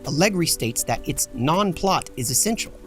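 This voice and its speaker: A man's voice: fairly high pitch, animated, normal speed, a bit bright, soft background music. Wry man narrating a video essay. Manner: wry, joking asides. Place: home basement in front of green screen.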